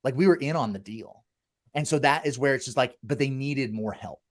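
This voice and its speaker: A man's voice: mid-range voice, fairly quick. A man in his thirties hosting a casual podcast, talking bluntly with lots of swearing and acting out voices from his past. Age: 30s. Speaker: podcast host and former college football walk-on.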